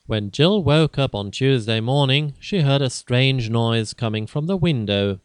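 A man narrating a simple graded-reader story in a slow, careful, even way. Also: mid-range voice, smooth, dry recording.

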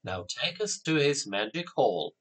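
A man's voice: mid-range voice, sing-song, measured pace, fairly bright tone, husky, heavily acted. A man voicing a playful father who teases his family and makes a ceremonious introduction. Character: cheerful middle-aged father with a secret.

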